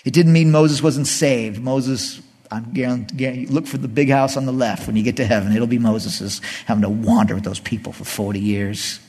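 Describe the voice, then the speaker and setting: Husky male pastor, animated sermon delivery, reverberant church. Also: mid-range voice, moderate pace, few pauses. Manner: animated preaching, voices the people and God.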